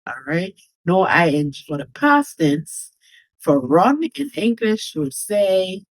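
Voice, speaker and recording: A Jamaican woman teaching a language lesson, giving example phrases slowly and deliberately and spelling out letters. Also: medium pitch, expressive, no echo, low-quality recording.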